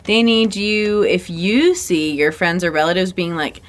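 A woman's voice: fairly low pitch, a little slow, hardly any pauses. A woman in her thirties co-hosting a podcast, telling stories candidly, swearing freely and laughing often. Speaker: podcast co-host. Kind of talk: casual chat.

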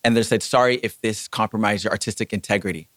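Animated young man telling a story. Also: fast talker, no echo. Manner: animated, acts out quotes with jumps in pitch. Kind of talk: casual storytelling chat.

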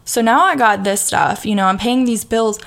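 A woman's voice: fairly high pitch, moderate pace, vocal fry, a bit bright. Southern woman host, young, casual motivational chat, lots of "you know", restarts. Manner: chatty, frequent fillers and restarts, laughs easily. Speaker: podcast host.

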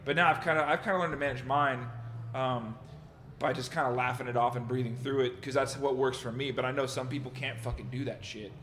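A man's voice: medium pitch, fairly even intonation, fairly quick, a bit bright. A man hosting a podcast, telling loose, profane stories in casual chat. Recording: reverberant room, faint noise.

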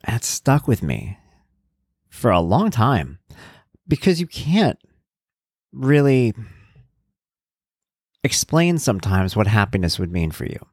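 A man hosts his own podcast in a casual solo monologue, rambling and thinking aloud with plenty of fillers. His mid-range voice is sing-song and a little mellow, slow with long pauses, recorded in studio quality with no echo.

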